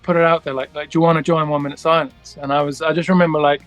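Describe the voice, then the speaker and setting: A man's voice: fairly high pitch, level tone, very fast, dry recording, faint music behind. Rambling man telling a story. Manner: rambling, many restarts and fillers, acts out quoted dialogue. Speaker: guest musician. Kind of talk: casual storytelling interview.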